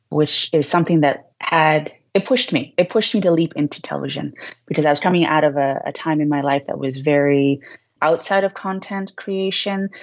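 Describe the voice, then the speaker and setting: A woman with a Boston accent, a podcast guest giving measured, encouraging advice. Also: deep voice, highs cut off. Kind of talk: podcast interview.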